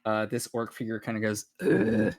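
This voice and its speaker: Male game master, mid-pitched, halting and easygoing. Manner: halting, laid-back, full of fillers. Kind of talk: narrating a tabletop game.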